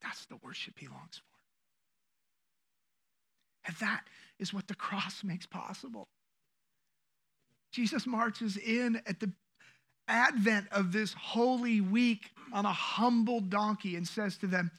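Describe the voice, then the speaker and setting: A man preaching a sermon as pastor, animated and joking with the congregation. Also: high-pitched, slow, creaky, long pauses. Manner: animated, acts out quoted voices, jokes with the congregation.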